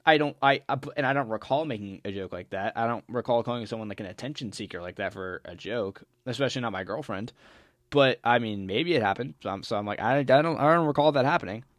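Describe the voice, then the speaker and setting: A young man in the middle of his usual pitch tells a story at a loose, rambling pace, doubling back and acting out what others said. His voice sounds close and dry, with no room echo around it. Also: quick pace. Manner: rambling, full of restarts, mimics others in quotes. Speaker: storyteller vlogger. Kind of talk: casual storytelling while gaming.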